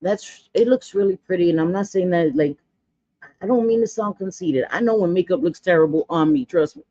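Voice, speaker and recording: A woman's voice: lowish voice, a little fast, mellow, no echo, muffled recording. A woman in her forties chatting bluntly through a makeup tutorial, gossipy and full of dramatic asides. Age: 40s. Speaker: makeup vlogger.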